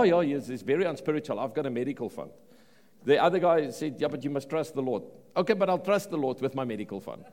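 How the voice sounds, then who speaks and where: A man with a South African accent preaching a sermon in an animated way, often repeating words and restarting phrases. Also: on the high side. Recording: long reverb of a large hall.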